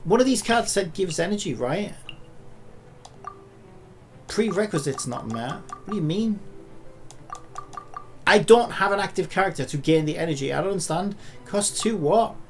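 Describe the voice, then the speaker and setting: A man's voice: high-pitched, animated, normal speed, long pauses, a little hiss or hum. A man commentating live gameplay, frustrated and swearing often, ranting at the game. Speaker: gaming streamer.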